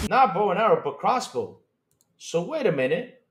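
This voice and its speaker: Male gaming streamer, excitable and chatty, slightly higher voice. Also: moderate pace, faint music behind. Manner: excitable, repetitive, laughing. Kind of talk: live stream chat with viewers.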